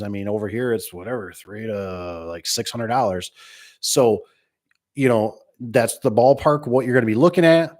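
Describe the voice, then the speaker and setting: A man's voice: fairly low pitch, moderate pace, darkish tone. A man who runs a garage door business, giving casual, rambling advice and acting out little exchanges with customers. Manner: rambling, folksy, acts out dialogue.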